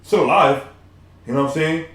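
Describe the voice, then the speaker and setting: A man's voice: fairly high pitch, brisk, fairly bright tone. A man from Nigeria co-hosting a podcast, giving motivational talk in an earnest, repetitive way with many restarts. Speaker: podcast co-host. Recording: roomy echo.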